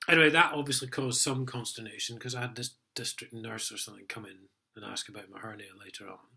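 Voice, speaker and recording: A man's voice: lowish voice, steady tone, quick pace, vocal fry, pushed and bright. A middle-aged man, telling his own story in a sweary, aggrieved, rambling way, full of ums. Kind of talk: casual personal account.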